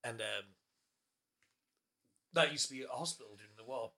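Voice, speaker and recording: A man's voice: mid-range voice, moderate pace, gravelly, sharp tone. A man hosting a casual podcast, joking, laughing and swearing as he tells stories. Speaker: podcast host.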